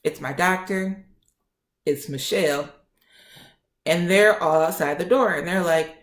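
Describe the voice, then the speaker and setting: A young woman vlogger telling a story in a sassy, animated way and acting out the people in it. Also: fairly low pitch, unhurried, roomy sound. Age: young adult. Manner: sassy, acts out quoted voices.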